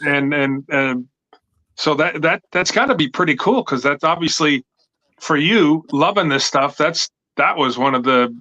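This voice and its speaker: A man hosting a casual livestream chat, asking halting questions full of fillers. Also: on the high side, pushed and bright. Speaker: talk show host.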